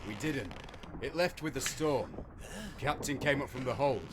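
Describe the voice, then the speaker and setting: An actor playing a calm sailor tending a wounded shipmate, speaking low, steady and terse. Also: male voice, moderate pace, very noisy, lightly acted. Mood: soothing.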